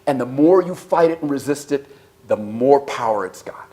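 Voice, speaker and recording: A man giving an animated sermon-style talk at a church service, telling stories and questioning the audience. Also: medium pitch, normal speed. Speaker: speaker.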